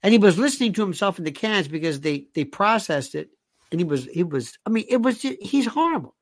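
A man's voice: high-pitched, big pitch swings, brisk, no echo. A man delivering a rambling monologue, firing off sarcastic rhetorical questions and repeating himself for emphasis.

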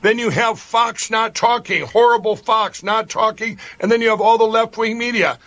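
A man's voice: sits high, steady tone, normal speed, fairly bright tone. A man giving a heated, emphatic political rant, repeating his points. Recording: dull lo-fi clip.

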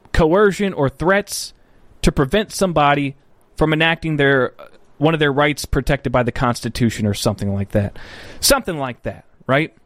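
A man in his own voice, hosting a political livestream with a fairly high, very lively pitch that rises and dips all the time. His talk is blunt and profane, and it rambles into frequent self-corrections. The sound is dry and close. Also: no room sound. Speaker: political commentary livestream host. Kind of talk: casual commentary reading viewer chat.

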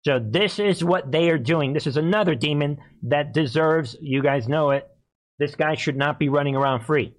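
Male host of a live-streamed political commentary show, emphatic and repetitive, speaking voice sits a little high. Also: normal speed. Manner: emphatic and repetitive, keeps calling out to viewers.

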